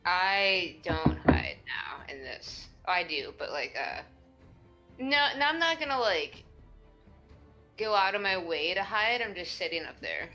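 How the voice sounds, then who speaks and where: A woman's voice: lowish voice, very animated, a little slow, sharp tone, soft background music, poor audio. A woman playing a tabletop game over an online voice call, talking in a hesitant, chatty way. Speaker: player. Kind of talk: casual chat in a tabletop game.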